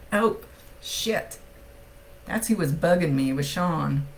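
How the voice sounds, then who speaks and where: A woman's voice: deep voice, lively intonation, slow, slight background noise, rough recording. A woman psychic medium chatting casually through a reading, laughing often as she relays messages.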